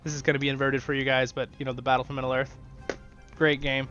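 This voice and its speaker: A man casually commentating his strategy gameplay, chatty and excitable, talking straight to his viewers. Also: mid-range voice, quick pace. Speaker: gaming channel host. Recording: dull lo-fi sound with faint music.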